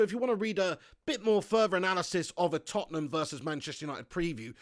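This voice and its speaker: A man hosting a live fan stream, chatting excitably and reading out viewer comments. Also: fairly high pitch, dry recording. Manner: excitable, chatty, often laughing. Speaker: fan channel host.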